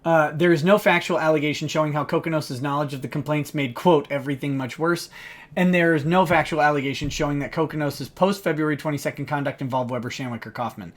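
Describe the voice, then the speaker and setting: A man's voice: on the high side, steady tone, quick pace. Sardonic man reading a legal filing. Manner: sardonic, mocking asides between read-out passages; laughs often while reading. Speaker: lawyer live-streamer. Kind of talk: live-stream commentary reading a legal motion aloud.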